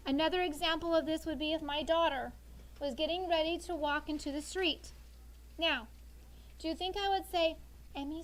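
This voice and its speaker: Her pitch is extremely high as this thirty-something teacher coaxes her sixth-grade class into answering back in unison, full of animation.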